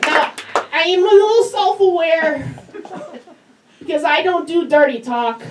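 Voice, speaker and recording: A woman comedian with a high, cartoonish voice, telling self-mocking stories in a stand-up set. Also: expressive, a little slow, very noisy. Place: comedy club stage with a live audience. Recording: echoey club recorded from a distance, crowd laughing.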